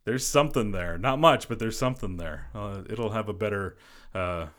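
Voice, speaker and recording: A man's voice: lowish voice, normal speed, fairly bright tone. A man hosting a casual solo sports podcast, a former goalie who rambles and fills his talk with "you know". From Boston area. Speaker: podcast host.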